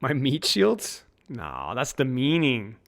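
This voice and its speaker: A male streamer with a gravelly, fry-laden voice at a middle pitch, riffing loosely with his chat. He jokes, rambles and chuckles at his own bits, talking into a desk mic. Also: wildly swooping pitch, takes it slowly, fairly bright tone. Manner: joking and rambling, laughs at his own lines. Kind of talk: casual live-stream chat with viewers.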